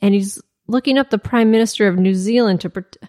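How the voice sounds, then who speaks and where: A woman's voice: mid-range voice, brisk, warm tone. A woman co-host reacts to a played clip with puzzled, amused remarks in casual chat.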